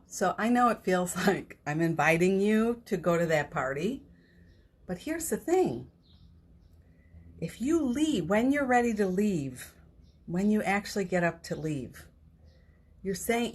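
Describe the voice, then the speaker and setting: A woman hosting a live spiritual talk show, gentle and candid, reading viewer comments aloud and getting teary. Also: lowish voice, breathy edge. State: teary, emotional. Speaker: host of a spiritual morning show.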